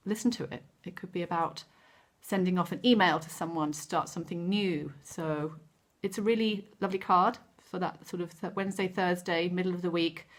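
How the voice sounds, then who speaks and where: Gentle woman giving a card reading. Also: fairly low pitch, steady tone, a little fast, few pauses. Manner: gentle, encouraging, with frequent ums and self-corrections. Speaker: tarot card reader. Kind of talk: weekly card reading to camera.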